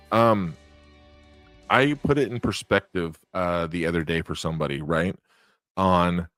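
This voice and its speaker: A man with a very low, deep voice hosts a loose live podcast, talking candidly and swearing now and then as he answers viewers. Faint guitar music plays quietly behind him. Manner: rambling, candid, swears, talks straight to viewers. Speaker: podcast host reading live chat. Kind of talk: casual live-stream chat.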